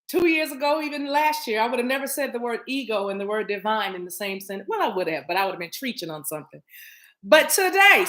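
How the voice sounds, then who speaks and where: High, bright-voiced woman streaming live. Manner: playful and chatty, often laughing. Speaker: spiritual reader hosting a daily live stream. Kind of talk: casual live-stream chat to viewers. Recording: echoey room.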